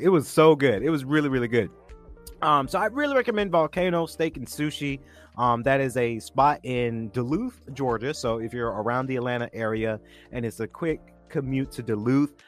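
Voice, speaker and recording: Man, podcast co-host, casual review chat, animated pitch, enthusiastic, repeats himself, faint music behind. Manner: enthusiastic, repeats words while reaching for them.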